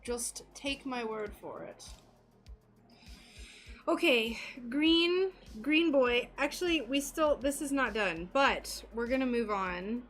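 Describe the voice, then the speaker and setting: A woman's voice: fairly high pitch, lively intonation, slow, faint music behind. An American woman livestreaming her stained glass craft, chatting casually and giggling as she greets viewers.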